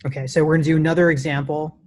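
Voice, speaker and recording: A man's voice: fairly high pitch, flat delivery, racing, darkish tone. A man teaching a live coding class in a classroom, casual and chatty, with many restarts and "right?" checks. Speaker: coding instructor.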